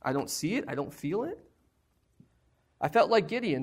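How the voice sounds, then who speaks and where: A man's voice: on the high side, sing-song, moderate pace, slightly rough. A man preaching a sermon to a congregation in a conversational, emphatic way, full of rhetorical questions and candid personal asides. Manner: shares personal struggles openly.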